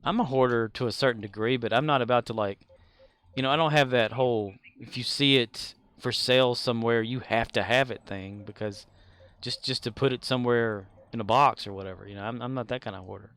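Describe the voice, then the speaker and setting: A man's voice: mid-range voice, a little fast, fairly bright tone, clear, resonant tone. A man streaming a game, chatting casually with viewers in a rambling way and chuckling often. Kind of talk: casual live-stream chat.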